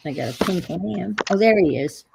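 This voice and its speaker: A woman's voice: fairly low pitch, animated, moderate pace, gravelly, noisy background. A woman with a New York accent hosting a casual crafting livestream, rambling and trailing off as she searches for words.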